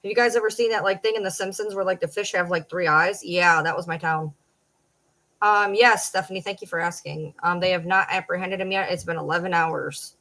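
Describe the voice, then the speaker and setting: A woman's voice: on the low side, fairly even intonation, brisk, bright, forceful tone, low-quality recording. Blunt, swearing woman with a Michigan accent. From Michigan, Detroit downriver area. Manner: blunt, profane, chatty. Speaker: social media personality. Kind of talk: late-night livestream chat.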